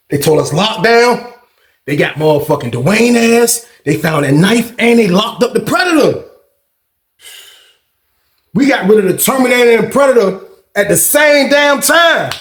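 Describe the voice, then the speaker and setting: A man hosting a storytime channel, telling a prison story in a profane, excitable way and acting out the fights with sound effects. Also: high-pitched. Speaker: storytime host. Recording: roomy echo.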